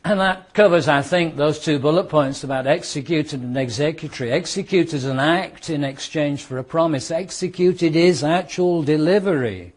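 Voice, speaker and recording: A British man teaching a law class to students, explaining with worked examples and repeating key points, sometimes speeding up and sometimes slowing down for emphasis. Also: on the high side. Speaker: law lecturer. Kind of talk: classroom lecture.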